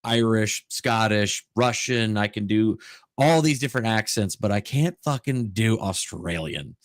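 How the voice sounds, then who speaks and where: Low-voiced man rambling in casual chat. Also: animated, measured pace, no room sound, studio quality. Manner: rambling, swears, restarts a lot. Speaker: regular stream co-host.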